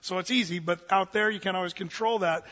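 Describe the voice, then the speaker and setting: A male pastor with a high, bright voice delivers an animated, confessional sermon full of personal storytelling. His voice carries through a large, reverberant church hall. The recording has a dull, muffled sound. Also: fast. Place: church sanctuary.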